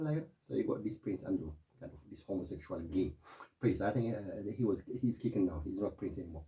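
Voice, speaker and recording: Middle-aged man, digressive casual monologue, lively swooping pitch, mid-range voice. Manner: animated, keeps saying "my friend", digressive.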